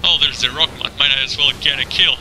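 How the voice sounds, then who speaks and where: A man giving profane, excitable commentary over his own gameplay, trash-talking opponents and breaking into laughter and yelps. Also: brisk, noisy background. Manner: frequent laughter and sudden high yelps. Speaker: gamer recording his own match.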